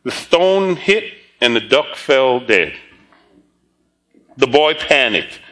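A man's voice: mid-range voice, big pitch swings, takes it slowly, bright, forceful tone, poor audio. A middle-aged man preaching a sermon, telling a story and often laughing as he talks, with repeated words and restarts. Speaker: pastor.

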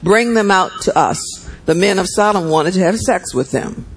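A man's voice: sits high, lively intonation, normal speed, a bit bright, husky, rough recording. A man preaching a sermon and reading scripture aloud. He talks conversationally, often checks in with his listeners, and repeats words for emphasis.

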